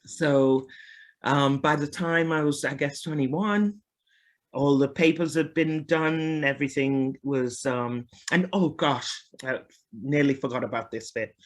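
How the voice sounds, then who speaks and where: A woman's voice: extremely low pitch, unhurried. A woman from Liverpool, a singer and guest, telling her story in a candid, chatty way with frequent laughs. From Liverpool, England. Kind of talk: casual storytelling interview.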